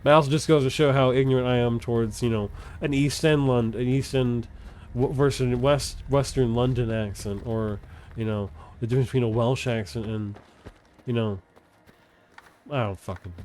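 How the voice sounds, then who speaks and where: A man's voice: mid-range voice, fairly even intonation, normal speed, a little mellow, a little hiss or hum. A man live streaming while gaming, chatting casually in a rambling, profane way and often cutting himself off to restart.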